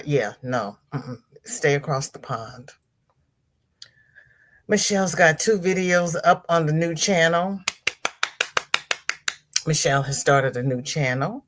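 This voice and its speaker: Slow-talking woman hosting a livestream. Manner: greets chat viewers by name with sing-song hellos; chatty and animated, with sudden high exclamations. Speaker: livestream host. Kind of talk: casual livestream chat.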